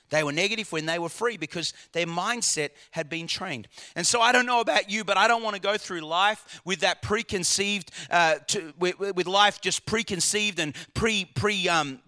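A man's voice: high-pitched, pushed and bright. A man preaching a sermon to a congregation, emphatic, throwing out rhetorical questions and repeating his words as he builds a point. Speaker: pastor.

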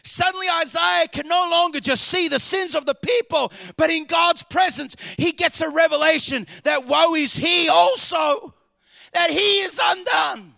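A man preaching a sermon, swinging dramatically between shouted lines and hushed ones. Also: very high-pitched, creaky.

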